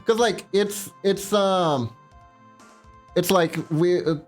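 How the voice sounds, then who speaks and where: Male streamer, unhurried rambling storyteller, faint music in the background. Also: high voice. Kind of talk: casual livestream chat.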